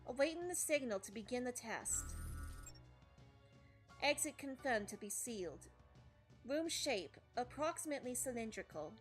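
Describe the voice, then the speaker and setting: A woman doing a female combat android who reports everything in a flat, mechanical monotone with a put-on accent. The voice sits fairly high, with faint music underneath. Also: moderate pace, pauses often. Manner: monotone report-style delivery. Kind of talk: fan voice-over of a game.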